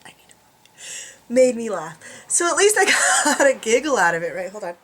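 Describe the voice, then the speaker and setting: A woman's voice: a little high, very animated, fairly quick, fairly bright tone. A woman vlogging from a room at home, chatting casually to camera in a self-mocking way, laughing often.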